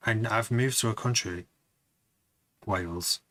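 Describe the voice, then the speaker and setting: A man's voice: on the low side, measured pace, a bit bright. A man producing music on a live stream, chatting to viewers in a rambling, casual way.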